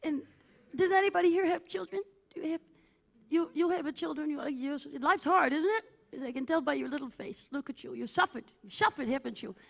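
A woman's voice: high voice, a little fast, creaky. A woman playing a needy, self-obsessed aging female cabaret diva, gushing and melodramatic as she teases the audience from a theatre stage. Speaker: cabaret performer. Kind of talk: live stage character comedy.

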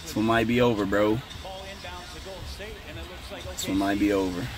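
A man reacting live to a basketball game, slangy and excitable, talking straight to his viewers. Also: on the low side, measured pace, music in the background. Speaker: sports reaction YouTuber.

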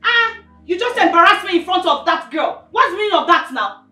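An actress with a Nigerian accent playing a hot-tempered, scornful wealthy stepmother who mocks and scolds loudly. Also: very high voice, expressive, a little fast, full character voice. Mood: complaining. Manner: loud, mocking and scolding. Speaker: film actress. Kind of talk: Nollywood film acting. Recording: echoey room with faint music.

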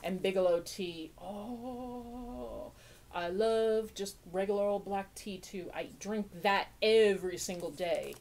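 This podcast host's mid-range, darkish voice runs at normal speed with hardly any pauses. As she opens mail in a casual unboxing chat, she gushes, laughs frequently, and turns sarcastic jokes on herself.

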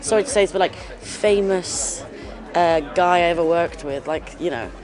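A woman's voice: lowish voice, normal speed. A young woman with an English accent, a talent show judge chatting in a casual interview and gushing through lots of fillers. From England. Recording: music and crowd behind.

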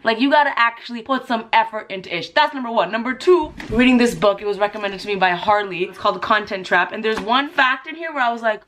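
Young woman vlogger, lively and jokey, slightly high voice, faint background noise. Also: quick pace, few pauses. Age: young adult. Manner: animated, jokey, emphatic. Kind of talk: casual vlog chat.

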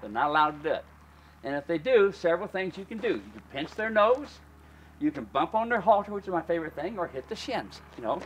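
A man's voice: fairly high pitch, sing-song, brisk, a little hiss or hum. A man coaching a group through a hands-on mule training demonstration, in a folksy, plain-spoken way that calls his audience folks.

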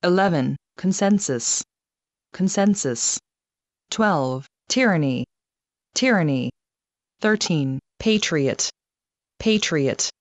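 A woman reading a numbered vocabulary test, saying each word twice with pauses. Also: lowish voice, dry recording. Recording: dull lo-fi dry recording.

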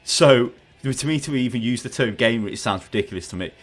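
A man hosting a gaming podcast over voice chat, ranting in an animated, sarcastic way. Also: mid-range voice, a little fast, faint music behind. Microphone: headset on voice chat.

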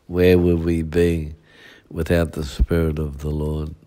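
Slow deep-voiced pastor preaching. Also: male voice, level tone, warm tone. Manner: preaching with repetition and rhetorical "eh?". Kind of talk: midweek sermon.

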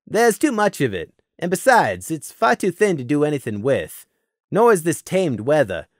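A man voicing a firm male deer sergeant who talks in a brisk, commanding way. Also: on the high side, very animated, no room sound, clean studio sound.

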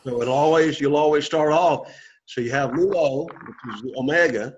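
A man leads a Greek lesson in a classroom, patient and repetitive. His voice sits a little high. The recording is muffled and lo-fi. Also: normal speed, slight background noise. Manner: patient, repetitive explaining with frequent "okay?" check-ins. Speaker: Greek teacher.

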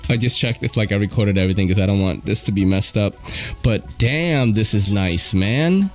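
A man hosting his channel, chatting casually and excitedly in slang while unboxing at home. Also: on the low side, moderate pace, soft background music. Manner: slangy, excitable, loud exclamations. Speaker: channel host reviewing knives. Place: at home at a table.

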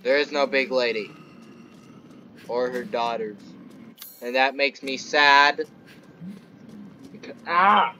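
A man's voice: medium pitch, fairly even intonation, slow pace, pauses often, bright, forceful tone, a little hiss or hum. A young man casually joking and teasing his co-player while playing a video game. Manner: joking, teasing, slips into silly voices. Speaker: gamer. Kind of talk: casual let's-play chat.

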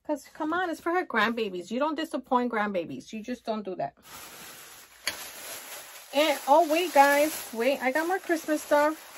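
A woman chatting excitedly and gushing as she shows off a shopping haul in a casual vlog. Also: sits high, moderate pace, slight background noise. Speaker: haul vlogger.

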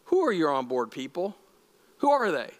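A male pastor with a high voice gives a conversational, animated sermon and keeps asking his listeners questions. His voice rings with the long echo of a church hall. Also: normal speed.

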